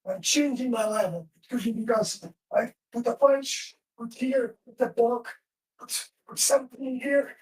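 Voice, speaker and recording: A woman's voice: a little high, fairly even intonation, moderate pace, darkish tone. A woman teaching self-defense in a live class, giving short commands while she demonstrates moves. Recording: roomy echo from far off.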